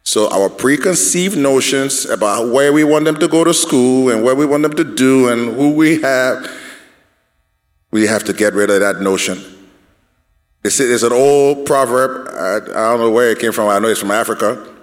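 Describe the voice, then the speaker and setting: A man on a church panel talks earnestly and circles back over his phrases. His voice rings out in a large hall with long reverb. He speaks at a medium pitch. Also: moderate pace. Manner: earnest, repeats and restarts while building a point.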